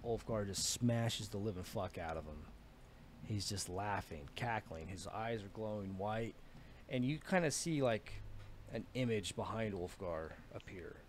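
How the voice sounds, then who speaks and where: A man's voice: fairly low pitch, measured pace, a little hiss or hum. A man narrating as dungeon master, telling a battle in a casual, profane way with many fillers. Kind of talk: narrating a tabletop game.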